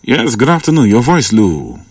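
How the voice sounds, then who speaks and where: Lively man hosting radio in Pidgin. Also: mid-range voice, normal speed. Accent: Nigerian Pidgin English. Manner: animated, reading out listener messages. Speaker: radio host. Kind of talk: radio call-in show hosting. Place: radio studio.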